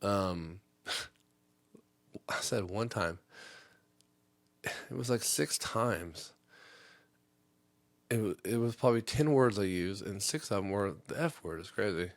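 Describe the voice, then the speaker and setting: A man's voice: fairly low pitch, animated, takes it slowly, pauses often, dry recording. Rambling male comedy podcast host. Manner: rambling, jumping into impressions.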